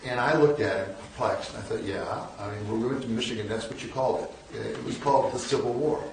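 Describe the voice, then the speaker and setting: A man in his sixties from the northern U.S. gives a storytelling lecture as a guest in a large lecture hall, full of wry self-mockery and frequent restarts. His medium-pitched voice is creaky, a little mellow, and quick. There's slight background noise, and the distant mic captures the hall's echo.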